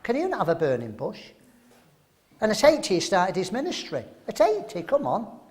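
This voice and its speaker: High-voiced emphatic older male preacher. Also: huge pitch swings, normal speed. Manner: emphatic, rhetorical questions, acts out voices. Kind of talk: sermon.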